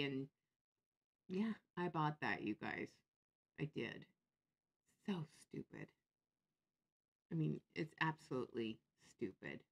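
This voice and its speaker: A woman chatting on a casual livestream, sarcastic and quick to laugh as she reacts to viewers. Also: low-pitched, a bit bright, muffled recording.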